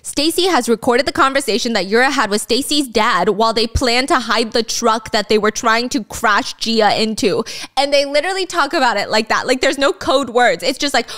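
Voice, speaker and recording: Female storyteller, casual and sarcastic, a bit high-pitched, loose and animated. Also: moderate pace. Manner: chatty, sarcastic asides, swears and laughs. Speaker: storyteller recapping a drama.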